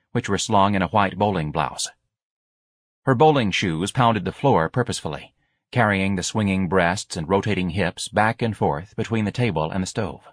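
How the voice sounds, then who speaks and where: A man narrating an audiobook in a wry, measured storytelling manner. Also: fairly low pitch, no echo.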